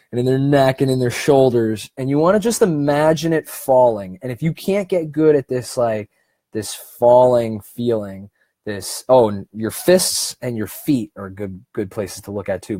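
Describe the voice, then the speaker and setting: Mellow-voiced man giving a casual breathing seminar. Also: medium pitch, no room sound. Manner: conversational and encouraging, with frequent restarts and slow, deliberate stretches. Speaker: self-help speaker.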